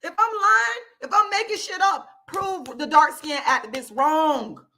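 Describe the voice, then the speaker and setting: A woman from Florida, hosting her own channel and ranting angrily into the camera with loud, profane, repetitive emphasis. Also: high voice, measured pace, gravelly. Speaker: YouTube channel host. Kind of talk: angry direct-to-camera rant.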